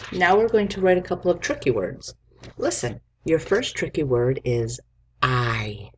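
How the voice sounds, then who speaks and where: A man's voice: medium pitch, gravelly, a little hiss or hum. A male teacher giving a spelling lesson to young children, dictating words and patiently sounding out each letter.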